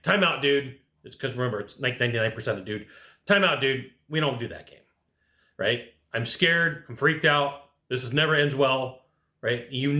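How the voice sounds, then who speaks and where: Punchy, bright-voiced sales trainer man. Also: medium pitch. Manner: punchy, animated, acts out customer exchanges. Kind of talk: energetic sales training monologue. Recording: echoey room.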